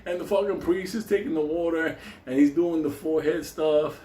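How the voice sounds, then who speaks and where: A man tells a wild story comically and profanely at normal speed, swearing constantly and laughing as he goes. He shouts acted quotes in a high voice, and the recording is reverberant.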